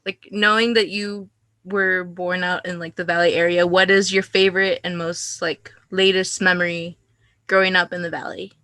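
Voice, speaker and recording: A woman's voice: lowish voice, level tone, normal speed, bright, forceful tone, no echo. A woman fan on a video call, nervous and giggly as she asks her question. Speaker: fan caller. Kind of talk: casual chat.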